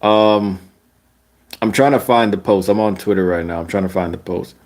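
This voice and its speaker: A young man giving casual, slangy basketball commentary. He rants, laughs often and mocks other people with sudden high-pitched voices. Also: normal speed. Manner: animated, laughing, slangy, mocking voices with big pitch jumps.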